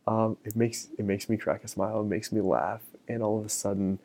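With a lowish voice and a slightly quick pace, this middle-aged solo podcast host speaks casually. He's relaxed and leans heavily on fillers like "um" and "you know."

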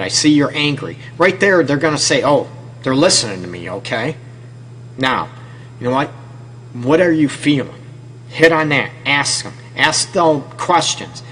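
A man's voice: on the high side, a bit bright, rough recording. Male radio host, Detroit accent, casual and direct advice delivery, faint hum under the voice. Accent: Detroit, American. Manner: casual, repeats "okay?" as a tag; talks directly to the listener. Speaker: radio show host and counselor. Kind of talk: advice talk show.

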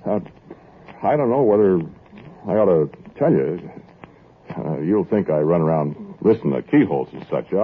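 An actor playing a hesitant, stammering trumpeter in an old-time radio monologue. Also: male voice, low voice, slightly rough, heavily acted. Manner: hesitant, stammering, sing-song. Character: nervous, hesitant out-of-work trumpeter. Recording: tinny old radio with faint music.

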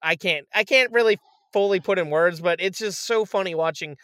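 A man in casual chat, retelling a movie with lively acted-out quotes and frequent swearing. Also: high voice, normal speed, smooth, dry recording. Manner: animated storyteller, acts out quotes, swears freely. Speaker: podcast co-host reviewing a movie.

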